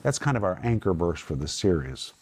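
A middle-aged man leads a Bible teaching session as host. His voice sits on the low side. He preaches with earnest emphasis and explains word meanings slowly and patiently. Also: very animated, a little mellow, breathy edge. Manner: earnest, emphatic preaching that moves into spoken prayer. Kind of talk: Bible teaching in a studio group discussion.

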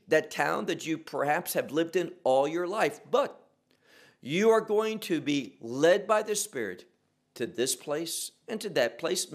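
Slow, deliberate preaching man. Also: high voice. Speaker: pastor. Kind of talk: sermon.

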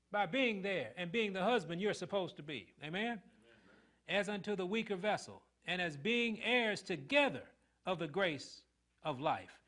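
Man, middle-aged, pastor, high-pitched, emphatic sermon, call-and-response. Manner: call-and-response preaching, quizzing the congregation; emphatic, swinging between loud and hushed.

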